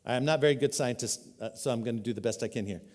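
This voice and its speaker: A man preaching a sermon as a pastor, earnest, swinging between loud emphatic peaks and quiet, dropped-down lows. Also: rapid-fire. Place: church hall. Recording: live hall reverb.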